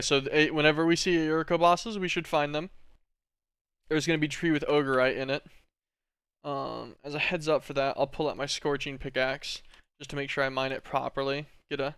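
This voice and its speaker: A man talking through a game stream, thinking aloud as he plays. His commentary is relaxed and rambling, full of little "um"s and "like"s. His voice comes across smooth, with a dry, close sound. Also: fairly high pitch, no room sound.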